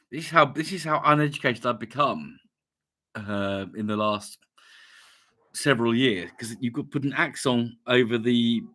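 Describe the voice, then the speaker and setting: A man's voice: medium pitch, bright, forceful tone. A man hosting a casual live stream, chatting in a rambling way as he greets viewers and reads out their comments. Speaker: YouTube channel host.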